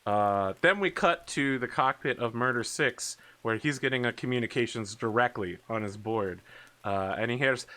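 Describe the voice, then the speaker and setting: A man in his thirties narrating a tabletop war game as game master, animated and lively. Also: medium pitch, normal speed. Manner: animated, shouts radio chatter of pilots.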